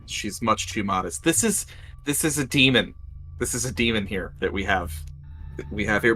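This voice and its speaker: A man playing in a tabletop role-playing game in character, pushy and theatrical, swinging between loud and hushed. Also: medium pitch, lively intonation, measured pace. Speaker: player. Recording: music playing behind.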